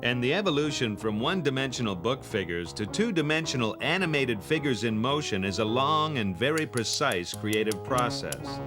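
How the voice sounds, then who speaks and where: A man's voice: medium pitch, moderate pace, hardly any pauses, music in the background. A man hosting a documentary in playful, scripted narration. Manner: lively, playful. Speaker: host.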